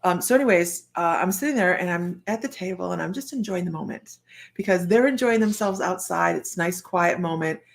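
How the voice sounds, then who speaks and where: An older woman, a psychic medium, telling a personal story in a chatty, animated way with frequent laughter. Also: lowish voice, fairly quick, gravelly. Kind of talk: storytelling monologue.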